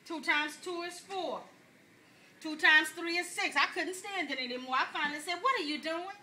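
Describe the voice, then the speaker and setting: A man uses a heavily acted, extremely high, bright, forceful voice at a moderate pace to portray a talkative older woman preacher. Her message is a comic sermon of folksy stories and jokes, delivered with amusement, addressing the congregation as "y'all" and laughing at her own lines with them.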